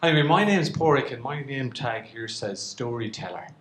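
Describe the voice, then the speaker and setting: A middle-aged Irish man telling a comic story to a live audience, animated and self-mocking. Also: mid-range voice, moderate pace, slight background noise. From Ireland. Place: event hall with a live audience. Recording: roomy live hall.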